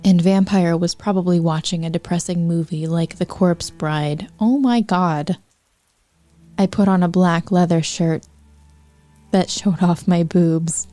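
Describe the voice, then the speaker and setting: A woman podcast host reading fanfiction aloud for comedy, deadpan with wry asides. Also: on the low side, unhurried, soft background music.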